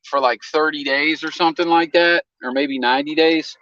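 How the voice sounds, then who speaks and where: A man's voice: on the high side, fairly even intonation, normal speed, pushed and bright, no room sound, muffled recording. Slangy, profane man hosting a stream. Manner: loose, profane storytelling with slang. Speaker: live-stream host. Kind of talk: casual live-stream chat.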